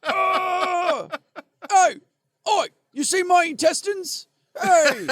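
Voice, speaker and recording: Squeaky shouting severed head, goofy, wildly high, dry close sound. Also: male voice, animated, fairly quick, vocal fry, dry recording, full character voice. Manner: shrill, shouting comic put-on voice. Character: Cockney-voiced severed head on a bridge.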